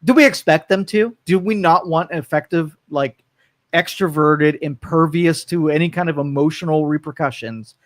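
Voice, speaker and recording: A male talk radio host with a fairly high voice, rambling through opinions in loose, casual talk. He drifts from point to point, restarting sentences and tossing in asides. His delivery is chatty and animated. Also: normal speed.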